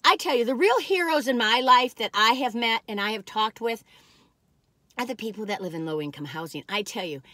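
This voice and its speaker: Chatty, lively woman vlogger in a car. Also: on the high side, a little fast, no echo, clean studio sound. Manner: folksy and chatty, drifts off topic. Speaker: vlogger reviewing cookies. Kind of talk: rambling casual chat. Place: parked car.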